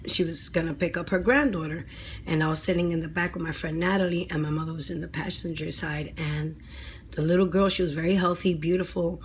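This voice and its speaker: A woman with a slightly low voice recounts a personal experience to her viewers in a chatty, earnest way. She leans on "you know" and "right?", and she goes quiet and hushed at the grim parts. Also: slightly rough. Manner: earnest, dramatic, drops to a hushed near-whisper at grim moments. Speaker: vlogger telling personal stories. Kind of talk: casual storytime monologue.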